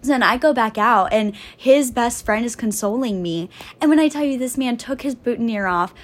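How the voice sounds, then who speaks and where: A young woman guesting on a podcast, telling stories in a blunt, profane, animated way and laughing often. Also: a little high, normal speed. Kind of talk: casual storytelling chat.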